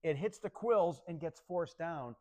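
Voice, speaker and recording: Lively, playful male TV weatherman. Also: fairly high pitch, a little slow. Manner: playful, animated, laughs often. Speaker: TV meteorologist. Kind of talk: casual forecast banter.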